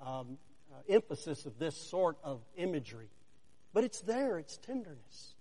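A man with a high voice preaches slowly and deliberately, leaning on single words and letting long pauses hang between phrases. He presses the listener with rhetorical questions. His voice rings through a large sanctuary with a long reverb tail. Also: dark tone. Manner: deliberate, with dramatic pauses and swells of emphasis. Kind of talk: sermon.

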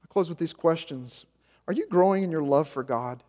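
Emphatic male pastor with a high voice, from Arkansas, sermon in a big echoing sanctuary. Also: normal speed. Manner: emphatic, swings from hushed to loud, repeats key lines. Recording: long reverb of a large hall.

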